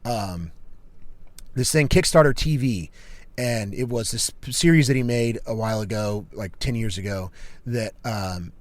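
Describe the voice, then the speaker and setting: A man's voice: on the low side, unhurried, no echo. Emphatic man telling a story, dry mic. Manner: emphatic, peppered with "like" and "dude". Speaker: podcast co-host. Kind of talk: casual storytelling chat.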